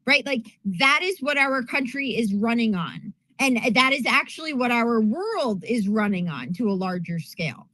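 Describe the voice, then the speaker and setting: Fast-ranting woman with a highish voice. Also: expressive, bright, forceful tone, no room sound, rough recording. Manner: rapid ranting, keeps asking "right?". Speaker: podcast co-host. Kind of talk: casual political talk.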